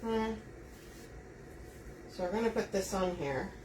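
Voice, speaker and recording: A woman's voice: mid-range voice, lively intonation, unhurried, darkish tone. Chatty woman showing a craft live. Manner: chatty, talks viewers through each step. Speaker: wreath-making host. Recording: distant mic, faint room noise.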